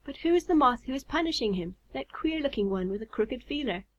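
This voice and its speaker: A slick male stranger moth from a children's storybook speaks in an oily, falsely sweet tone, as a woman puts him on. His flattery carries a mocking edge. The sound is slightly muffled. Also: high voice, a little fast, pitched above the performer's own voice. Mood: sugary. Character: smooth-talking, rude male stranger moth.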